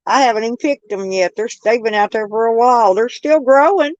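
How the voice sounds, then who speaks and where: A woman's voice: a little high, a little fast, no echo, highs cut off. A woman, chatting casually with viewers on a live stream, laughing often and calling them by name. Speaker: host of a live chat stream. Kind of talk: casual chat. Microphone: phone.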